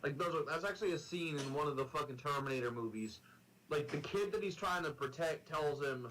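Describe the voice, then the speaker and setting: Young man streamer, rambling, bright voice, slightly high. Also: fast talker, a little hiss or hum, rough recording. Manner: rambling, filler-heavy, swearing. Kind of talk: casual chat on a game stream.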